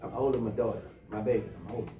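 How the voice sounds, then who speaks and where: A man's voice: on the low side, racing, warm tone, a little hiss or hum. A man telling a personal anecdote in a casual, blunt and heated way, with lots of cursing. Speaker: storyteller. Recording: roomy, distant mic, faint music.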